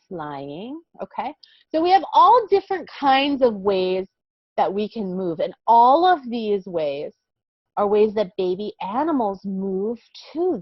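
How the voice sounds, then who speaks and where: Woman, kindergarten teacher, slow deliberate pace, sing-song coaxing, dry dull lo-fi recording. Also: on the high side, dry recording. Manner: slow, patient, sing-song teacher talk with frequent "okay?" checks. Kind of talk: online vocabulary lesson for young children. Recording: dull lo-fi sound.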